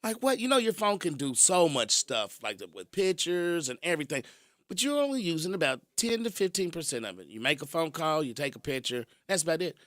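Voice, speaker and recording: A man hosting a radio show, telling stories in an animated way and chuckling as he talks. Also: a little high, fairly quick, no echo, studio quality. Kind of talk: casual radio storytelling.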